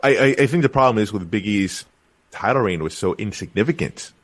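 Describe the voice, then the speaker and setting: A man with a fairly low voice co-hosts a casual podcast chat. His pitch swings widely as he talks, and he keeps stumbling and restarting in an animated way. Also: a little fast. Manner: animated, lots of fillers and restarts. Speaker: podcast co-host.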